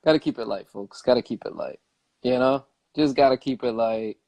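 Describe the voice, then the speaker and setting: A man vlogging a casual rant, emphatic and animated, repeating himself and swearing. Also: medium pitch, normal speed, vocal fry.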